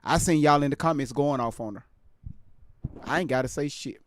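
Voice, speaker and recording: A man hosting a live stream from home, casually reacting to a clip, incredulous and quick to laugh. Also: mid-range voice, no echo. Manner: laid-back, incredulous, laughs easily.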